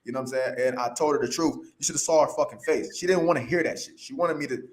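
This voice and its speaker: Fast-talking blunt profane man. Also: mid-range voice, slight background noise. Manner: blunt, profane, animated storytelling. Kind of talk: casual podcast debate.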